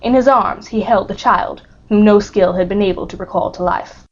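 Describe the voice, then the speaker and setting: A woman narrating an audiobook of a classic novel in a steady, dramatic reading. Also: medium pitch, moderate pace. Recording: muffled lo-fi recording.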